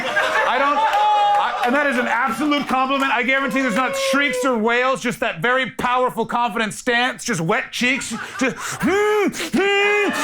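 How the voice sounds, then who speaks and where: High-voiced man doing stand-up. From Canada. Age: 30s. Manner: animated, swings into loud mock crying and character voices. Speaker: stand-up comedian. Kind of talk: stand-up comedy storytelling. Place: live comedy club stage. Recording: live room with clear crowd noise. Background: audience laughter.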